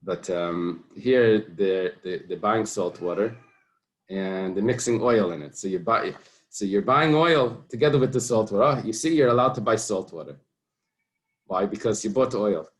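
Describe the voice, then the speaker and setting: Deep-voiced man explaining Talmud casually. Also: normal speed. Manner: relaxed, thinking aloud with many fillers and restarts; mixes Aramaic and Hebrew terms into English explanation. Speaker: Talmud teacher. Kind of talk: casual Talmud study lesson.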